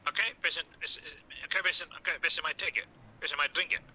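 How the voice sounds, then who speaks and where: A male medical communication teacher gives a classroom lecture in short, repetitive coaching phrases, tacking "okay" onto nearly every point and acting out the doctor's lines. His voice is a little high for a man, very bright, sharp and husky, with fairly even intonation and a fast pace. The recording sounds muffled.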